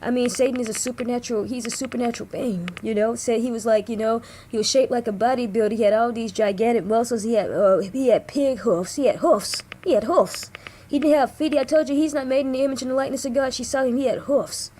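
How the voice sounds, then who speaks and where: A woman's voice: fairly high pitch, steady tone, fast, hardly any pauses, warm tone, a little hiss or hum. Rambling woman retelling a book to viewers. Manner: rambling, many restarts and fillers, addresses viewers directly. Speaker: online discussion host. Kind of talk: casual spoken retelling of a book.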